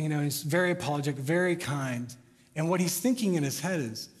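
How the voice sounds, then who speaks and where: A man's voice: fairly high pitch, fairly quick, a bit bright. A young American man preaching a sermon, chatting casually and then rising to passionate emphasis. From United States. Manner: conversational, builds to passionate emphasis. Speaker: pastor. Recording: long hall reverb.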